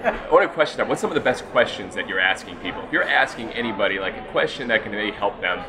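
A man interviewing a worker, encouraging her with quick affirmations. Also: lowish voice, expressive, heavy background noise. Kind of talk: casual interview. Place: busy airport. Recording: crowded airport background. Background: crowd chatter.

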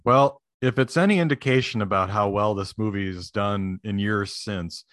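A man's voice: on the low side, normal speed, a bit bright, no echo. A man co-hosting a podcast, chatting casually and agreeably about a movie with dry amusement. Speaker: podcast co-host. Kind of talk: casual movie review chat.

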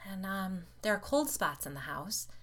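A woman voicing a nervous, anxious housewife in a storybook reading, speaking in a hushed, uneasy way. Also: mid-range voice, sing-song, normal speed.

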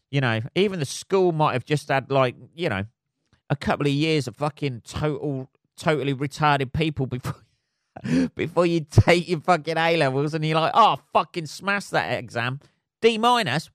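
A man hosting his own podcast, ranting casually with lots of swearing and trailing off into low mutters. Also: clear, resonant tone, dry recording, studio quality. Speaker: podcast host. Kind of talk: casual solo rant.

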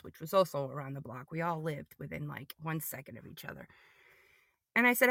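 A middle-aged woman with a lowish, gravelly voice recounts her personal testimony in halting stretches, stumbling and repeating words as she goes. The sound is close and dry, with no room around it. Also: sing-song, sharp tone, no room sound. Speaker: podcast guest.

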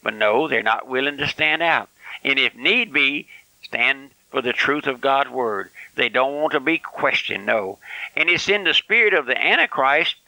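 A man's voice: mid-range voice, lively intonation, normal speed, bright, forceful tone, dry recording, poor audio. An older man preaching a fiery, folksy radio sermon with lots of emphatic repetition.

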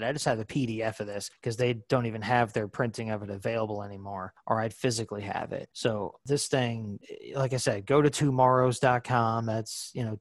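Rambling enthusiastic podcast host, dry sound. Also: male voice, medium pitch, dry recording. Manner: rambling, enthusiastic, many restarts. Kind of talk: casual podcast chat.

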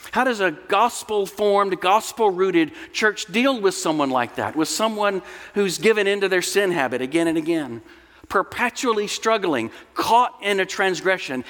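A male pastor delivers an earnest sermon, explaining scripture and slipping into storytelling asides. His voice sits fairly high for a man. It rings through a long hall reverb, as in a church sanctuary. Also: a bit bright.

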